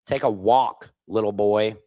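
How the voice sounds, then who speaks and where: A man's voice: lowish voice, measured pace, warm tone, dry recording, studio quality. A man in his forties from Missouri, hosting a casual live stream and trading sarcastic banter with viewers in chat. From Missouri, USA. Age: 40s.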